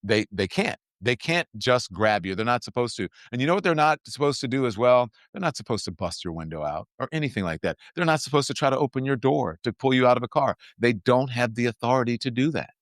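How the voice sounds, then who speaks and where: Middle-aged male host, medium pitch, hammers his points home, dry recording. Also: animated, no echo. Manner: emphatic, deliberate, repeats points for stress. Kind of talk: casual political talk.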